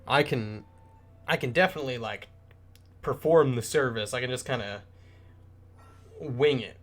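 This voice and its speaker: Brief: easygoing male game streamer, mid-pitched, chatty and rambling. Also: moderate pace, pauses often. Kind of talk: casual gameplay commentary.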